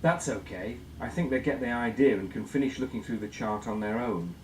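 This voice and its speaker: Male instructor, scripted lesson, measured delivery, mid-pitched voice, roomy echo. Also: a little mellow, slight background noise. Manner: measured, explanatory, asks guiding questions. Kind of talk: scripted educational presentation.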